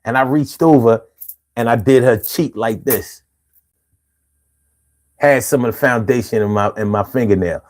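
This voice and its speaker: A man telling a personal story in a casual vlog monologue. He talks in a profane, slangy and animated way and often mocks himself. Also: mid-range voice, unhurried, long pauses. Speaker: vlogger.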